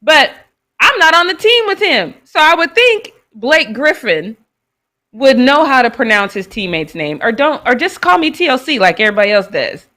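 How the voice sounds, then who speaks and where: A woman's voice: sits high, sing-song, moderate pace, bright, forceful tone. A woman from the United States hosting a live sports talk show, chatting casually and laughing as she reacts to clips. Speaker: host. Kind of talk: casual commentary on sports news.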